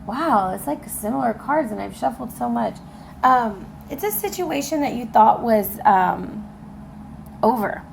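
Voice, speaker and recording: A woman with a higher voice and some vocal fry gives a casual tarot reading, with slight background noise. She chats straight to her viewers, laughing often and using loose fillers.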